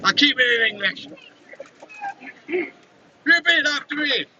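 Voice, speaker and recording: A Welsh man giving a rally speech outdoors, shouting questions for the crowd to answer and leading chants. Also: extremely high pitch, lively intonation, a little slow, dull audio. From Wales. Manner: shouting call-and-response to a crowd. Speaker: protest speaker. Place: outdoor street protest. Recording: loud crowd, noisy open-air protest. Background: loud crowd and street noise.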